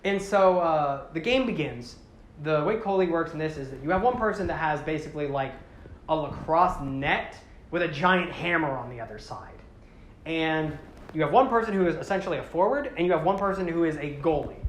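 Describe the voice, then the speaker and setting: A podcast host retelling a toy story line in a casual, animated, rambling way. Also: mid-range voice, a little fast, echoey room, a little hiss or hum. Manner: animated, rambling with fillers and swearing.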